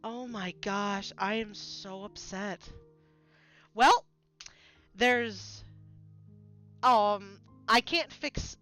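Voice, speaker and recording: A woman art vlogger chatting casually while she draws, slipping into baby talk for her pet birds and reacting with big expressive outbursts. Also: mid-range voice, extremely slow, long pauses, soft background music. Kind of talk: casual chat while drawing on a stream.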